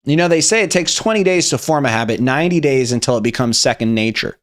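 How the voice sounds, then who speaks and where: A man's voice: mid-range voice, lively intonation, fast talker. A young man hosting a meme review, talking in a casual, rambling, profane way. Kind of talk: casual commentary.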